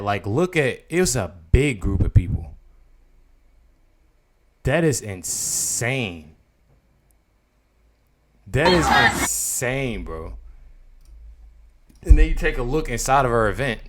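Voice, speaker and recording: Guy ranting on his vlog, rambles and repeats himself, mid voice, talks to his viewers a lot. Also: mid-range voice. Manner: rambling, repetitive, addresses viewers as y'all. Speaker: political commentary vlogger. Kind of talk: casual commentary.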